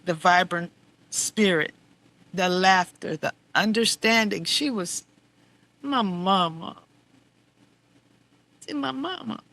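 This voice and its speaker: A middle-aged woman hosting a podcast, telling a candid personal story, heartfelt and wry, moving between quiet reflection and exasperated venting. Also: mid-range voice, slow pace, vocal fry, pauses often. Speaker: podcast host.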